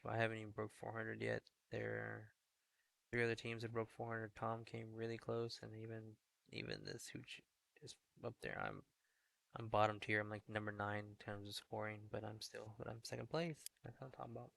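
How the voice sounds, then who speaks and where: A young man chats casually to stream viewers about his fantasy team. His voice sits low and gravelly with a flat, even tune. He keeps it hushed, half-whispering so as not to carry down the hallway. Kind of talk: casual live-stream chat. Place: indoor hallway.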